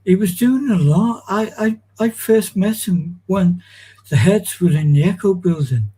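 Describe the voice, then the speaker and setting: A man's voice: high voice, animated, a little slow, warm tone, husky, poor audio. A man, a guest on a chat show, reminiscing in a rambling, digressive way with many restarts.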